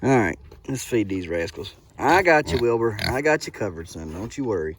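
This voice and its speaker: A man's voice: on the low side, big pitch swings, moderate pace, slight background noise. A man who keeps pigs on a homestead, chatting in a playful, teasing way to his animals outdoors. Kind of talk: casual vlog chat. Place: outdoor pig pen on a farm.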